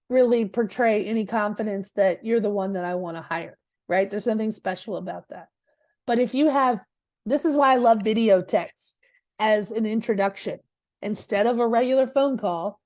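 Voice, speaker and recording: A real estate coach speaks in a slightly high, somewhat mellow voice, with no room sound. She's leading a live class, keeping her delivery direct and conversational, regularly checking in with listeners and asking "right?" rhetorically again and again.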